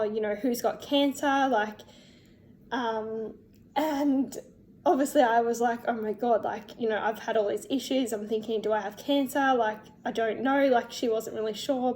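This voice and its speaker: A young woman telling her personal story in a vlog, emotional and halting, with many fillers and restarts. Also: on the high side, darkish tone. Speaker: vlogger.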